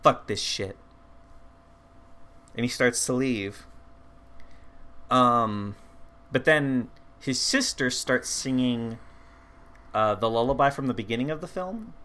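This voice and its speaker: Bright-voiced man, casual and profane. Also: medium pitch, animated, slow, pauses often. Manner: swears freely, laughs often, restarts sentences. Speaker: podcast co-host. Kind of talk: casual movie recap chat.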